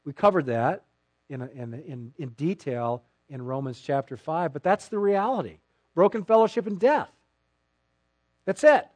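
A man preaching a sermon as pastor, sarcastic and animated, acting out mock quotes from people he disagrees with. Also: fairly high pitch, moderate pace, no room sound.

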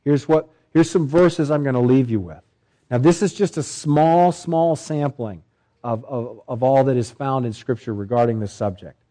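A male pastor delivering a sermon, emphatic, with swelling pitch and repeated phrases. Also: moderate pace, dark tone, rough recording.

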